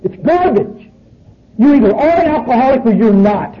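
A man's voice: very high-pitched, animated, normal speed. A man, speaking bluntly and profanely to a room full of people at a recovery meeting. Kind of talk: speaking to an audience. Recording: muffled recording with faint noise.

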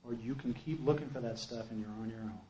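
A man voicing a calm, clear inner voice that speaks to him quietly and slowly, with gentle command. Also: on the high side, muffled recording, slight background noise.

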